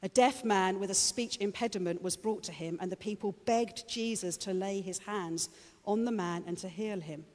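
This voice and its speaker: A preacher with a medium-pitched, darkish voice speaks at a moderate pace in a church hall full of congregants, with long reverb ringing around him. His sermon begins chatty, with jokey asides to the crowd, and then turns fervent and rousing.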